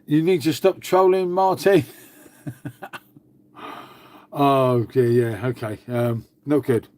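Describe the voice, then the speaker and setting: A man's voice: mid-range voice, fairly even intonation, slow pace, a little mellow. A man, from England, hosting a casual live stream, rambling and swearing, calling everyone "mate". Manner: rambling, swears a lot, says "mate" constantly. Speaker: livestream host.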